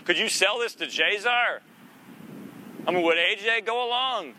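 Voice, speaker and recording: Preaching at a measured pace, this man has a high, very bright voice and a casual, talky manner in his conversational sermon. He's folksy and sarcastic, occasionally putting on playful voices for effect, and the recording carries a little hiss or hum.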